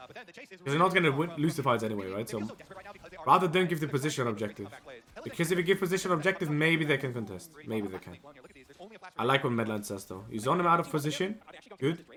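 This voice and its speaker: A man reviewing a match as a coach on a live stream, emotional and animated, often tagging his points with "right?". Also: a little high, fast talker. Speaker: esports coach.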